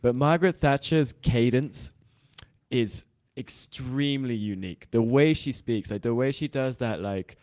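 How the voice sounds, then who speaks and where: A man's voice: mid-range voice, measured pace, darkish tone. Guy on a podcast rambling about a movie, says like a lot, laughs easy. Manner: chatty, lots of "like" and laughing asides. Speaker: podcast co-host. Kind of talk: casual film discussion.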